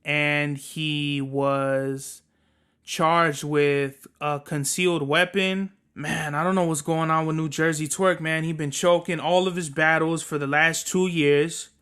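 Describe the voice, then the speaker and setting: A man with a bright, tense and smooth voice, pitched a little above the usual for men. He hosts a podcast alone, rambling through his opinions in a loose, slangy and often profane way. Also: level tone, slow pace. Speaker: podcast host. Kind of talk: casual solo commentary.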